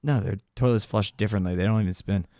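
A man co-hosting a podcast in casual chat, animated and mocking as he quotes people in a raised voice. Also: fairly low pitch, fast talker, no room sound, studio quality. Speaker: podcast co-host.

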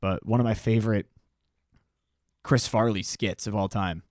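A man's voice: moderate pace, no room sound, studio quality. A man with a New Jersey accent, co-hosting a podcast in casual, crude, joking chat. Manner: animated, jumps in pitch when excited, crude joking. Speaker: podcast co-host.

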